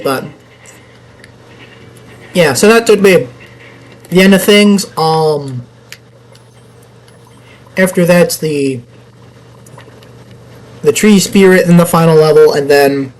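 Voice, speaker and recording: A man's voice: a little high, slow pace, long pauses, rough recording. A young man giving casual gameplay commentary, rambling and laughing often. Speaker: gameplay YouTuber.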